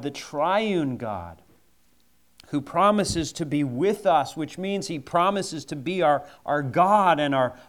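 A man preaching in a slow, deliberate cadence. His voice sits somewhat high, and he presses key phrases by repeating them. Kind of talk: sermon.

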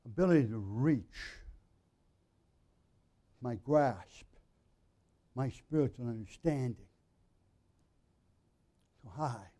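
A male pastor giving an earnest, conversational sermon, often clearing his throat. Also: medium pitch, dark tone. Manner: frequent throat clearing, earnest and plain-spoken.

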